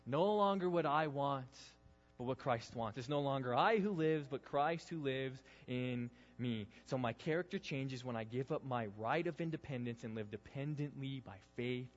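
A man preaching a sermon, earnest, swinging between loud emphasis and hushed intensity. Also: medium pitch, normal speed. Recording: dull sound with long reverb in a hall.

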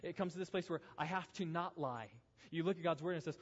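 A man's voice: a little high, quick pace, few pauses. A man preaches a sermon with a slightly raised voice, leaning on rhetorical questions and repeated lines. His voice rings out with long reverb in a large hall. The sound is dull and lo-fi. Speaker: pastor.

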